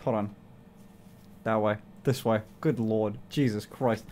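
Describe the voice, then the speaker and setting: A man's voice: fairly low pitch, fairly even intonation, slow pace, a little mellow, a little hiss or hum. A young man streaming, chatting casually in a playful, swearing way and laughing often. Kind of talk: casual livestream chat.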